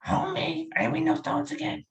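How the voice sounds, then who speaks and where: A man's voice: very high voice, fairly even intonation, fairly quick, pitched above the performer's own voice. A man voicing a bumbling cartoon father with a nasal, whiny voice. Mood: teasing.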